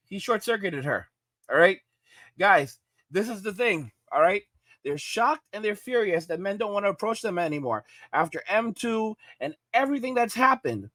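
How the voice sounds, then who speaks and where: A man's voice: sits high, a bit bright, no echo. A man from New York giving emphatic reaction commentary, often checking in with his listeners. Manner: emphatic, repeats "all right?".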